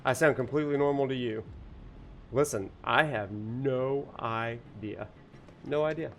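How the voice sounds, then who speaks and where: A man's voice: mid-range voice, a little slow, fairly bright tone, a little hiss or hum. A man, a university professor, lecturing casually while playing a video game, rambling with many fillers and joking about technical trouble. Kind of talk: casual lecture over gameplay.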